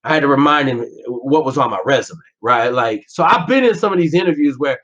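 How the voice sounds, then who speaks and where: A former Navy SEAL talks on a podcast in a casual storytelling interview, swearing bluntly and acting out the exchanges in his story. He speaks fairly quickly and expressively at a medium pitch with a slightly bright sound. The lo-fi recording is a little dull.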